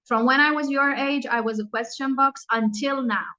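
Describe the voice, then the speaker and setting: A woman in her thirties, born in Iran and raised in England, with an English accent, speaking as an English teacher who answers students' questions with lively, encouraging examples. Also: high-pitched, normal speed, dull audio. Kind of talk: online Q&A with students.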